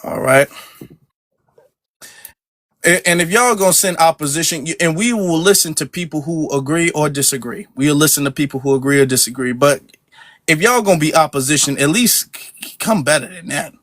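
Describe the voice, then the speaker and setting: A man's voice: a little high, moderate pace, no echo, studio quality. Slangy, joking podcast host man. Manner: joking, animated and repetitive. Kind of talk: casual live-stream chat.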